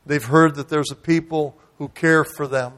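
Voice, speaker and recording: A man preaching a sermon as guest pastor in a church, telling a story dramatically and swinging from loud outrage to hushed tenderness. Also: fairly high pitch, steady tone, moderate pace.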